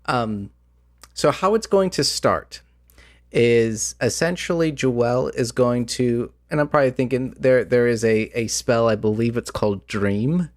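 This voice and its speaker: A man's voice: mid-range voice, measured pace, no room sound. Rambling man, dry close mic. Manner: rambling, many fillers and restarts. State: voice slightly going out. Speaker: podcast host and game master. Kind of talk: casual chat about tabletop games.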